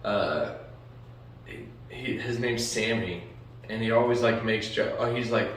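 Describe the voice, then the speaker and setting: A man's voice: fairly low pitch, measured pace. A man co-hosting a podcast in casual chat, rambling through funny stories he has seen and swearing casually. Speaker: podcast co-host. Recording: echoey room, distant mic, faint noise.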